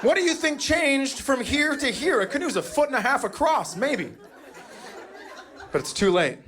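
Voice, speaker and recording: A man's voice: extremely high pitch, very animated, normal speed, crowd noise. A middle-aged man doing a stand-up comedy set, telling dry stories that break into exasperated outbursts.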